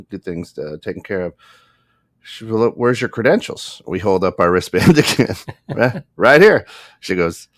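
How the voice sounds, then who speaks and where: A man's voice: deep voice, no room sound, studio quality. A man co-hosting a podcast, telling a story in a casual way and acting out the other people in it. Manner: animated, acts out the other people in his story. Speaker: podcast co-host.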